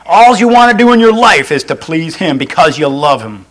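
A man's voice: a little high, big pitch swings, moderate pace, fairly bright tone, low-quality recording. A male pastor preaching a sermon in an earnest way. He restates each point and adds folksy asides.

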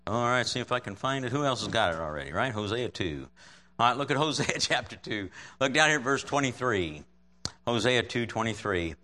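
A man's voice: medium pitch, lively intonation, a little fast, bright, forceful tone. A man preaching a sermon and reading scripture aloud, talking conversationally and checking in with his listeners. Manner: conversational, checks in with frequent "right?"; chuckles often while preaching.

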